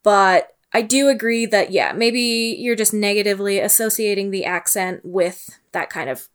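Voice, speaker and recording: A woman's voice: mid-range voice, steady tone, normal speed, clean tone. A woman from Ontario co-hosting a podcast, chatting in an easygoing, agreeable way. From Ontario, Canada. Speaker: podcast co-host. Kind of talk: casual podcast chat.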